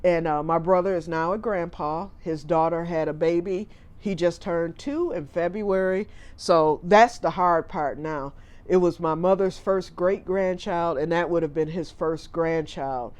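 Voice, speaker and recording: Middle-aged guy telling a storytime vlog, kinda high voice, rambly and chatty, keeps going "i was like". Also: unhurried, clear, resonant tone. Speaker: family caregiver.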